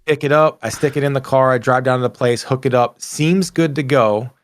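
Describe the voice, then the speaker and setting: A man's voice: medium pitch, brisk. Man telling a rambling anecdote. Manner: rambling anecdotal storyteller, self-correcting. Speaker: podcast host. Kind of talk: casual chat.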